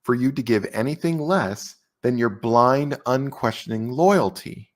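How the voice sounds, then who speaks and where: A man giving scripted commentary narration with a measured, pointed rhetorical delivery. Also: medium pitch. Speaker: video narrator.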